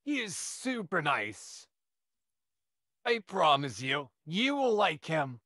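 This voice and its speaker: A man's voice: a little high, sing-song, slow pace, sharp tone, no room sound, studio quality, exaggerated voice. A man voicing an overexcited, friendly young neighbor who gushes and stammers, in a listener role-play. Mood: excited. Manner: eager, gushing, stammering.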